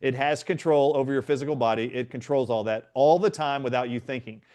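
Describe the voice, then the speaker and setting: A man's voice: medium pitch, a little fast. A middle-aged man, a guest in a conversation, earnestly retelling a personal story and acting out what others said. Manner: earnest, animated retelling with quoted voices.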